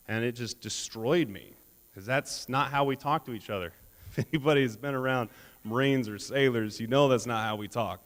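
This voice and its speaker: A man's voice: medium pitch, normal speed. Man giving a keynote in a reverberant hall. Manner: humorous storytelling, laughs at his own jokes. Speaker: keynote speaker. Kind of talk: motivational keynote speech. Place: conference hall stage. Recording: long reverb of a large hall.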